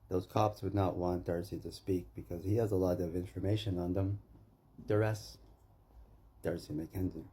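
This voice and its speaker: Husky man ranting, angry and profane. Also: low voice, dark tone. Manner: agitated, accusing, repeats names. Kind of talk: angry profane rant to camera.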